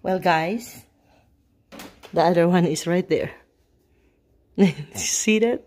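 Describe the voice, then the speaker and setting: A woman's voice: lowish voice, takes it slowly, pauses often, a little mellow. A woman vlogging at home at night, chatting casually and cooing baby talk to her dogs. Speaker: vlogger filming her pets. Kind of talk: casual chat.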